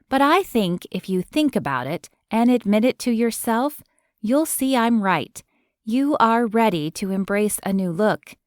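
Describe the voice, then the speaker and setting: Brisk teasing young woman stylist, read by a woman, lively pitch, dry close sound. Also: dry recording. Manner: upbeat, bossy, coaxing.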